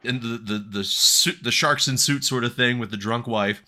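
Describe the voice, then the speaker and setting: A man hosting a casual film review chat, wry and quick to laugh. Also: mid-range voice, pushed and bright. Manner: wry, laughs often, talks through a plot summary. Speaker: podcast host reviewing a film.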